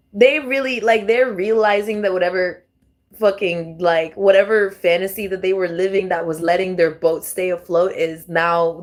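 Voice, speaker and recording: A young adult woman doing a casual tarot reading vlog, talking straight to her viewers, swearing freely and laughing often. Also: lowish voice. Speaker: tarot reader.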